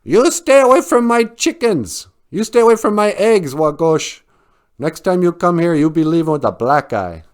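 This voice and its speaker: A man voicing a fierce, protective farmyard chicken with a loud, scolding delivery. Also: on the high side, sing-song, normal speed, voice pushed up. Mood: angry.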